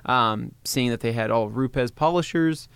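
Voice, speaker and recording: A man co-hosting a podcast in casual chat, talking in halting bits with restarts. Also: medium pitch, vocal fry, a bit bright, clean tone, no room sound. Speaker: podcast co-host.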